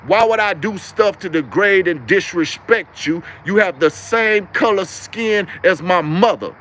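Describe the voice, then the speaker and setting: A young man with a high-pitched voice delivers a preachy livestream monologue. He hammers his points home with emphatic, repetitive phrasing. He talks the whole time as the live-stream host. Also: expressive, measured pace, fairly bright tone, a little hiss or hum.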